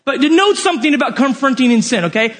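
A man's voice: very high-pitched, lively intonation, fast talker. A man preaching a sermon in a casual, joking way, talking straight to his listeners.

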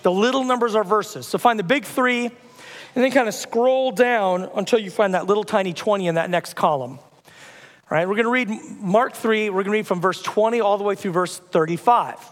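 A high-voiced man preaching to his congregation in a relaxed, storytelling manner, slipping in jokes along the way. His voice carries a long reverb through the church hall. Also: moderate pace. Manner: casual conversational storytelling with humor. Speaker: pastor. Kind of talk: sermon. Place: church auditorium.

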